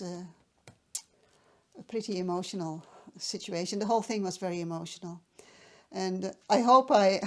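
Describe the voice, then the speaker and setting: A woman's voice: medium pitch, darkish tone. A woman from the Netherlands telling a personal story to the camera, hesitant and emotional, with many restarts.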